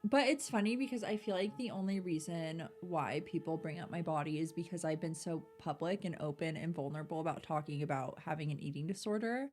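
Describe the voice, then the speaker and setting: A young woman co-hosting a podcast in casual chat, blunt, swearing casually and laughing loudly. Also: low voice, brisk, hardly any pauses, soft background music. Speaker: podcast co-host.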